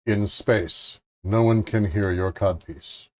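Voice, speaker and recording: A man's voice: lowish voice, slow, darkish tone. A man co-hosting a gaming stream, talking casually with jokey, wry asides. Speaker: co-host playing the game.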